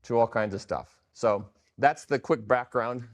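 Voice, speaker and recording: Relaxed man telling his story. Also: medium pitch, unhurried. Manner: relaxed, rambling, self-correcting. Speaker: guest, fitness product founder. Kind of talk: casual interview storytelling. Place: company showroom.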